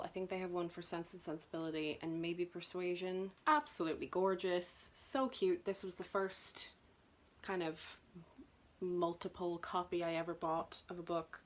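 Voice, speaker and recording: A young woman chatting nervously and self-consciously through her book collection for a vlog. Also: mid-range voice. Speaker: booktuber. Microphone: camera mic.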